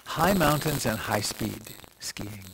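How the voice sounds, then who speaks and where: A man's voice: lowish voice, lively intonation, slow, creaky, a bit bright, slight background noise, rough recording. An older man, a meditation teacher, giving a reflective, meandering dharma talk full of restarts and asides.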